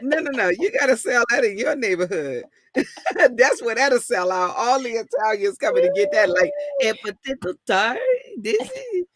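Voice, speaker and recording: A woman's voice: a little high, expressive, moderate pace, no echo. A woman co-hosting a casual talk show, playful and teasing, laughing often as she chats. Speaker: co-host. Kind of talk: casual chat.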